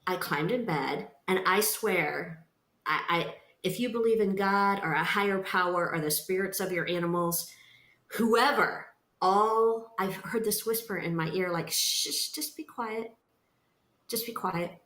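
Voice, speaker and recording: A woman with a fairly low voice tells her own story as a podcast guest. She speaks earnestly, leaning hard on each point, and the recording carries a noticeable roomy echo. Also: a little slow, a bit bright. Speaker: guest, nonprofit founder. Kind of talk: personal testimony in a podcast interview.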